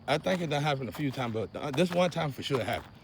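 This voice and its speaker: A young man, ranting to camera in a preachy, repetitive way that swings between loud outbursts and low muttering. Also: animated, quick pace, vocal fry, heavy background noise. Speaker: vlogger. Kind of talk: casual rant to camera.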